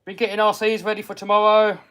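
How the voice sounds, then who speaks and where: On a relaxed radio-control car stream, an Englishman reads viewers' comments aloud and answers in a friendly, chatty manner, his voice slightly high for a man. He talks fast, smooth and monotone, occasionally lapsing into a quiet mutter as he works on a part.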